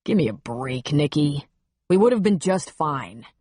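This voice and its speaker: A woman voicing a cocky male airline first officer who speaks in a calm, lazy drawl and brushes off criticism. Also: low-pitched, measured pace, slightly rough, dry recording, clean studio sound, heavily acted. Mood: dismissive.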